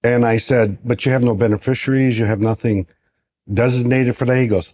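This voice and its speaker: Mellow-voiced man telling a client story. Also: medium pitch, steady tone, fairly quick. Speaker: financial advisor. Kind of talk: casual podcast storytelling.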